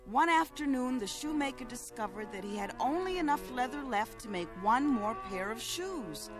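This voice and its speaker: Brief: female children's storyteller, gentle, slightly high voice. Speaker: children's show host.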